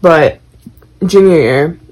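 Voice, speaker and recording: Recent grad, podcast co-host, blunt and profane, lowish husky voice. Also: female voice, slow, darkish tone, rough recording. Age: young adult. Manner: blunt, profane, laughs often. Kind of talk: casual chat.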